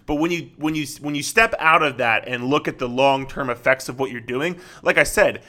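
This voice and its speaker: A man's voice: mid-range voice, normal speed, sharp tone. A man who works as a fitness coach, talking straight to the listener in an earnest solo podcast monologue.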